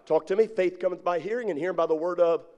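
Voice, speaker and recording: A man's voice: high voice, fast, mellow, highs cut off. A middle-aged man preaching a sermon as pastor, drawing his congregation in with call-and-response questions.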